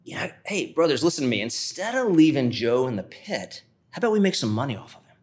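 A man voicing a scheming adult brother who pitches his plan in a persuasive, chummy way, in a sermon retelling. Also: big pitch swings, fast talker.

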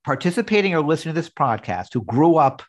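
A man's voice: on the high side, big pitch swings, fast talker. A man co-hosting a podcast in casual chat, musing and nitpicky. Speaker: podcast co-host.

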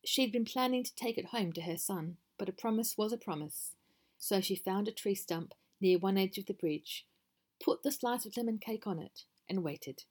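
A woman's voice: medium pitch, moderate pace, darkish tone. A woman reading her own story aloud in a dry, wry narrating manner.

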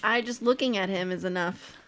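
A woman's voice: medium pitch, fairly quick, fairly bright tone. A woman in a casual group chat, playful and gushing.

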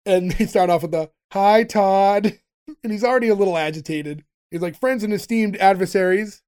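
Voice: mid-range voice, moderate pace. Podcast cohost, retells the episode and acts out every quote, lots of laughing asides. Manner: animated retelling, acting out quotes. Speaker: podcast co-host. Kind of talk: casual chat recapping an episode.

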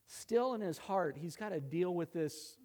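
A man's voice: sits high, lively intonation, unhurried, a little mellow. A male pastor preaching a sermon, dramatic and conversational, acting out quoted lines and making asides. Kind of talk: expository sermon.

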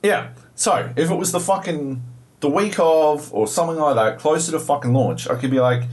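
A man's voice: on the high side, normal speed, a little mellow. A young Australian man co-hosting a podcast, telling a story in a profane, exasperated way. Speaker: podcast co-host. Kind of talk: casual chat about video games.

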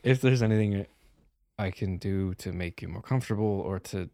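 A man's voice: low-pitched, normal speed, mellow, no room sound, clean studio sound. A young man playing a tabletop role-playing game, in character, who laughs often and swears freely. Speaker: player.

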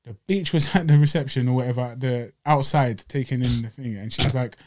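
A young man co-hosting a podcast, telling stories in casual slang and getting louder as he gets riled up. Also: mid-range voice, a little fast, a little hiss or hum. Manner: animated storytelling with slang, voices rising when riled. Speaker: podcast co-host. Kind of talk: casual chat. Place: small home studio.

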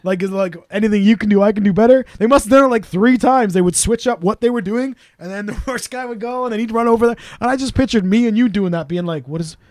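A man telling stories in a casual, animated way as a podcast co-host, now and then doing quick voices of the people he quotes. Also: high-pitched, no room sound, clean studio sound. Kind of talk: casual storytelling chat.

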